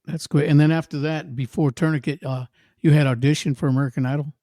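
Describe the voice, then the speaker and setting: A man's voice: fairly high pitch, fairly even intonation, quick pace, dark tone, no echo, clean studio sound. A man hosting a podcast interview, upbeat and teasing, laughing often. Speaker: podcast host. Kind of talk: casual interview chat.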